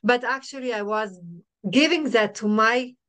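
Middle-aged woman, podcast guest; smooth voice, halting restarts, repeats herself. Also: on the high side, fairly bright tone. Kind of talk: emotional personal storytelling.

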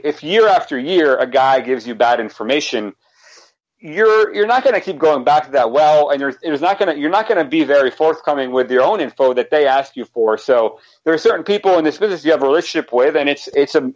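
A man's voice: a little high, lively intonation, fairly quick, muffled recording. A man basketball draft analyst explaining at length in casual talk, with many restarts and fillers. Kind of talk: casual podcast discussion.

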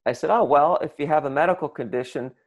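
Man telling a lively comic anecdote. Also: on the high side, fast. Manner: animated, acts out voices and shouts in the retelling. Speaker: storyteller. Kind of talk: comic anecdote told to an audience.

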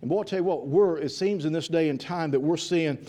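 High-voiced fervent preacher man. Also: fairly quick, mellow. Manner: fervent, repetitive, with frequent restarts. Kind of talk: evening sermon. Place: church with a congregation answering.

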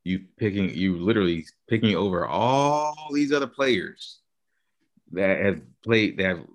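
A man's voice: deep voice, animated, unhurried. A man co-hosting a podcast in casual chat, argumentative and given to spelling out long theories. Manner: argumentative, lays out theories at length. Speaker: podcast co-host.

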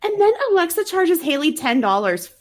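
A woman's voice: high-pitched, big pitch swings, normal speed. Podcast co-host, female, slightly sick-sounding voice, wry chatty movie recap. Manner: chatty, wry, laughs often. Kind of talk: casual chat recapping a movie.

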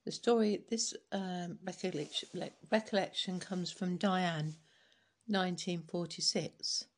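A woman reading collected life stories aloud in a steady, unhurried way, with small restarts now and then. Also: lowish voice.

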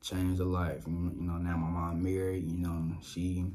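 A young man from Louisiana hosting a podcast, sharing a casual personal testimony, animated and laughing often as he talks straight to his listeners. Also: low voice, unhurried. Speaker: podcast host. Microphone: dynamic mic on boom arm.

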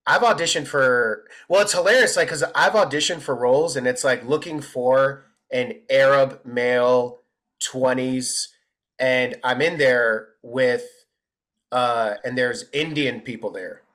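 Man, comedian guest, bright tone, animated storyteller, casual chat. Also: mid-range voice, measured pace. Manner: animated, acts out quotes in big voices.

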